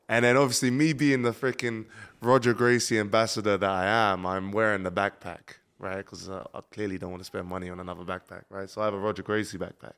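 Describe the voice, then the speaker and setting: A man's voice: fairly low pitch, quick pace, clear, resonant tone. A man chatting casually as a podcast guest, swearing freely and calling people "bro" and "man" as he tells stories. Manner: swears freely, says "bro" and "man", lively when telling a story. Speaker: podcast guest, jiu-jitsu competitor. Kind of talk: casual chat, storytelling.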